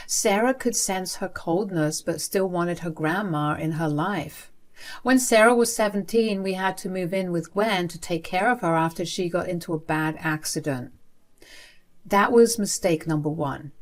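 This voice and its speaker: Woman, story narrator, slightly low pitch, matter-of-fact delivery.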